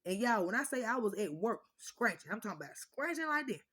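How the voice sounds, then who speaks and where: Her voice runs high and quick with a breathy edge as she vlogs to viewers. A blunt, swearing mom, she rants through animated stories in casual chat.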